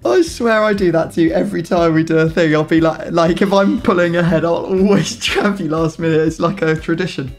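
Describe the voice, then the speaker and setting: A man's voice: fairly high pitch, steady tone, brisk, few pauses, soft background music. A young man chatting casually during a football video game match, with teasing, chuckling asides. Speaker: gaming YouTuber. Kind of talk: casual gameplay chat.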